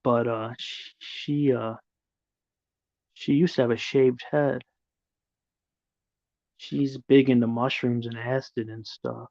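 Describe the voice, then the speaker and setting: A man's voice: medium pitch, flat delivery, slow, vocal fry, pauses often, a little mellow, no room sound, lo-fi sound. A middle-aged man hosting a livestream, chatting casually with viewers in a rambling, profane way. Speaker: livestream host. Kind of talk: casual live chat, answering viewers.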